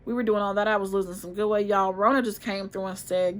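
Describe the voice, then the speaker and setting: A woman's voice: medium pitch, fairly quick, few pauses. Chatty woman in her twenties vlogging. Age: 20s. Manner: chatty, expressive, addresses viewers as y'all. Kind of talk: casual storytelling to camera.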